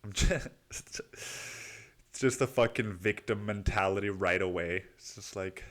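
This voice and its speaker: A young man with a low-pitched voice talks through a casual solo podcast monologue. He rambles, swears freely and mocks himself as he goes. He keeps calling the listener "dude" and "man". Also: measured pace, a bit bright. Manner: rambling, profane, self-mocking, says "dude" and "man" a lot. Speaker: podcast host.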